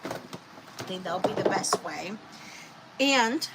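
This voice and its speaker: A woman's voice: medium pitch, slow pace. A woman hosting a live crafting stream, chatting and rambling to her viewers as she works. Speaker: craft livestream host. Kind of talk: casual live crafting chat. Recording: steady background noise.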